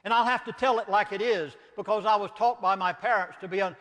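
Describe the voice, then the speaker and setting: A Southern US minister delivers an impassioned lecture in a fairly high voice. He is emphatic and preacherly and leans on rhetorical questions. His voice carries a long reverb, as if heard in a lecture hall. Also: fast talker, fairly bright tone.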